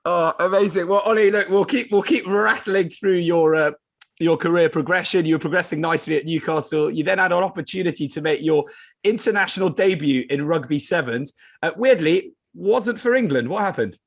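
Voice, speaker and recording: A man's voice: fairly high pitch, a little fast, gravelly. A man hosting a podcast, asking easygoing questions to guide a guest through his career. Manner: easygoing, guiding the conversation. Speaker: podcast host. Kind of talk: interview questions.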